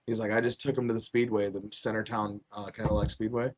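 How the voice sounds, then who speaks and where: On his podcast, a man with a lowish voice talks fast while relating a wild story in casual chat. He's an animated storyteller who curses heavily and loudly acts out what people said.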